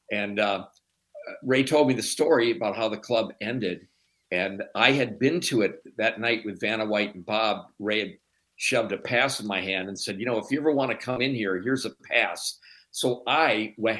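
A middle-aged man from Chicago, a documentary producer being interviewed, telling stories in a relaxed, rambling way. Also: lowish voice. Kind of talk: conversational interview.

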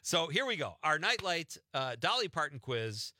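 Lively, bright-voiced radio host man. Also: on the high side, normal speed, no room sound, studio quality. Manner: playful, laughs often, quizzes his guest. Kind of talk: casual radio chat.

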